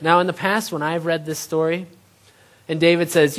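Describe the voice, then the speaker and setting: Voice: medium pitch, little pitch movement, normal speed. A preacher giving a sermon, retelling a scripture story in plain everyday terms and asking the audience rhetorical questions.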